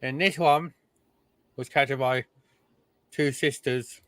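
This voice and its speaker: A man's voice: medium pitch, steady tone, slow pace, a bit bright, dry recording. A man co-hosting a podcast, chatting casually about recordings, laughing often and trailing off mid-sentence. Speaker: podcast co-host. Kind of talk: casual chat reacting to recordings.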